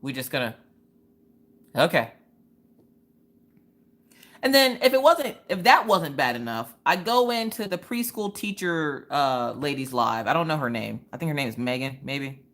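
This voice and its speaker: Animated woman chatting on a livestream. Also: sits low, normal speed, pauses often. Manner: animated storytelling, quotes people in different voices; slangy, talks straight to her chat. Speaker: livestream host. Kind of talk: casual chat while crafting.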